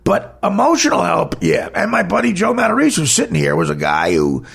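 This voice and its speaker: A man's voice: high-pitched, huge pitch swings, a little fast, vocal fry, a bit bright, breathy edge. A man, a comedian hosting a podcast, telling a candid personal story in a blunt, emphatic, heated way.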